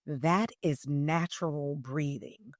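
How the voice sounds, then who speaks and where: A woman voice coach explaining in an interview, teacherly and emphatic, swinging between loud and soft phrasing. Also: low-pitched, slow pace, no echo, clean studio sound.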